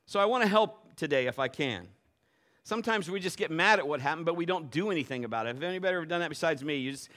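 Male pastor, middle-aged, sermon, conversational, high pitch, very lively intonation. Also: fast talker. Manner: lively and conversational, acts out quotes.

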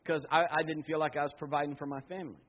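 A middle-aged man pastor preaching a sermon, telling personal stories with animated asides and quoted voices. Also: fairly high pitch, very fast. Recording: dull lo-fi sound.

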